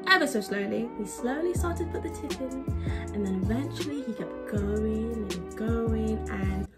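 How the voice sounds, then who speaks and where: A woman's voice: on the high side, normal speed. A young woman telling a candid, crude and self-mocking story-time vlog, with music playing behind. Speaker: vlogger. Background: background music.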